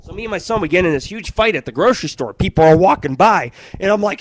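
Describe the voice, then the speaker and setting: A middle-aged man hosts his own radio show, spinning crude, profanity-laced stories that wander from one tangent to the next. His voice sits a little high for a man. The sound is close and dry, with no room echo. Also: lively intonation, fast, few pauses. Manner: profane, rambling storyteller. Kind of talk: crude comedic monologue.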